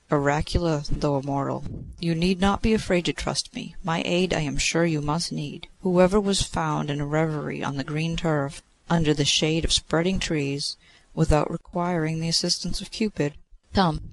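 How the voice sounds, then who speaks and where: A man's voice: fairly high pitch, fairly bright tone, no echo, low-quality recording. A man voicing Cupid, a teasing young love god. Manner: teasing, quick exclamations.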